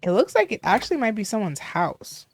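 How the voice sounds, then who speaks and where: A woman's voice: mid-range voice, sing-song, brisk, creaky. A young woman hosting a gaming video, giving casual gameplay commentary, curious and cooing at cute things.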